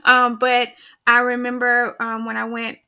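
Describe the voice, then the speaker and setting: A woman's voice: on the high side, completely flat delivery, measured pace, smooth. A woman in her thirties, a podcast host, telling a personal story in casual chat and quoting others as she goes. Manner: storytelling, voice-quoting others, soft when grieving.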